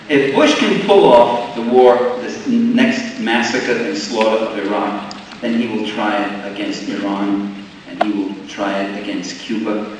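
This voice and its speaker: An older man delivers a sarcastic, animated lecture to a roomful of listeners, stumbling into restarts as he goes. He is heard from a distance, with a long reverb trailing through the hall and faint room ambience behind him. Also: on the low side, background noise. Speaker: public lecturer. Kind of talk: political lecture to a live audience.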